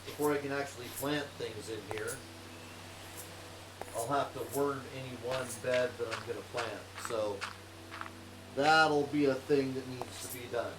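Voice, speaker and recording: Man humming through chatty gameplay commentary. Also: medium pitch. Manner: chatty, hums tunelessly to himself while working. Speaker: streamer playing a modded block game in VR. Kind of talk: casual let's-play commentary. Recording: roomy, distant mic with clear noise.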